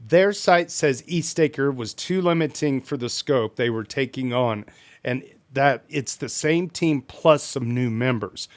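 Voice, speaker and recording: A man's voice: mid-range voice, unhurried. A man hosting a live stream, reading community forum posts aloud with playful asides and bits of hype.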